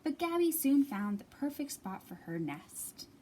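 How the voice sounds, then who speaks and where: Expressive woman reading aloud to kids. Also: high-pitched, unhurried, noisy background. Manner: expressive, animated read-aloud. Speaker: children's librarian. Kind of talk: children's storytime reading.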